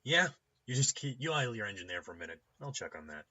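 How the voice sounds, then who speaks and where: A man's voice: on the low side, very animated, fast, pushed and bright, dull audio, voice pushed up, full character voice. A man voicing a brusque, suspicious male gatekeeper on an intercom, with an American accent. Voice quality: brusque, curt.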